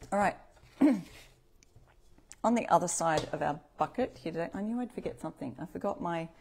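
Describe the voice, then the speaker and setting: A woman's voice: mid-range voice, a little mellow, a little hiss or hum. A woman hosting a live upcycling stream from home, chatting to viewers, reading out their comments and correcting herself as she works. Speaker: craft livestream host. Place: home craft space.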